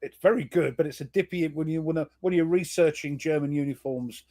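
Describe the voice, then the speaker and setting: A man's voice: on the high side, fairly quick, warm tone. A man chatting casually on a live video call, joking about himself and rambling with plenty of fillers. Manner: jokey, self-mocking, rambling with fillers. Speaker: panelist. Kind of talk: casual chat on a live stream.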